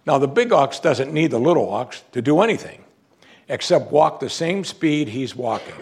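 Male pastor, middle-aged, sermon, husky voice, lively swooping pitch, preacherly emphasis. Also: moderate pace. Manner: animated, preacherly, swinging from loud emphasis to low quiet.

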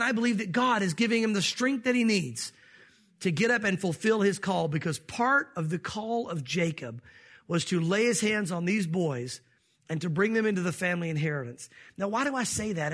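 A man's voice: high voice, a bit bright. A pastor delivering a sermon to his congregation in an earnest, conversational preaching manner, speaking directly to his listeners. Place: church service.

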